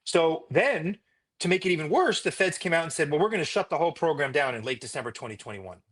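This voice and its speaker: Husky-voiced man, emphatic doctor. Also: a little high, quick pace. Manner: emphatic, animated retelling with repetition. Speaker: physician and interview guest. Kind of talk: conversational interview storytelling.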